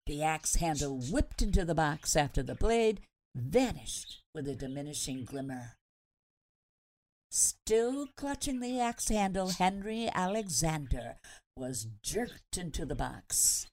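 Mellow-voiced woman reading a story. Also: lowish voice. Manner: measured, expressive narration. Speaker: radio host reading a story.

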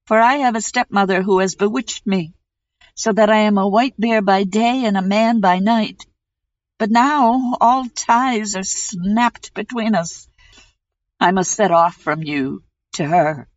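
A woman's voice: medium pitch, measured pace, no room sound, close to an everyday voice. A woman voicing an enchanted young prince who is a bear by day, speaking with urgent reproach in a fairy-tale reading. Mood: reproachful. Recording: dull lo-fi recording.

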